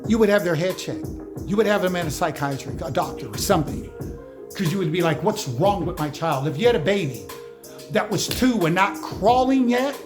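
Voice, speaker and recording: High-voiced man preaching over music. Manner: emphatic, slangy, lecturing the audience directly. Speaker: spiritual motivational speaker. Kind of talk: preachy motivational monologue. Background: music playing behind.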